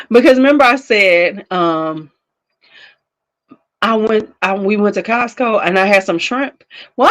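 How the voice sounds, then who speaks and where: A woman's voice: mid-range voice, a bit bright, low-quality recording. A woman in her fifties hosting a casual livestream chat from home, telling stories with frequent laughs and talking back to her viewers. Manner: chatty storyteller, laughs often, talks back to viewers. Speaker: beauty channel host.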